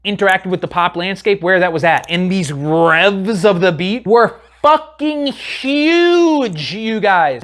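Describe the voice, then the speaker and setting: A man giving a casual, animated commentary on a music video, talking straight to his viewers and swearing now and then. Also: sits high.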